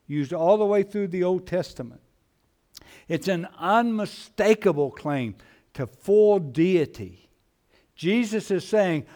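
Man, pastor, sermon, unhurried delivery, slightly high pitch, emphatic repetition. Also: a little mellow. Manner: slow, emphatic preaching with repeated phrases.

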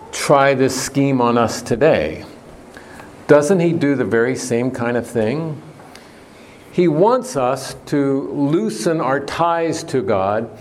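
A man preaching an earnest sermon in a plain mid-pitched voice, pressing on key words and putting questions to the congregation. A faint hum sits behind him.

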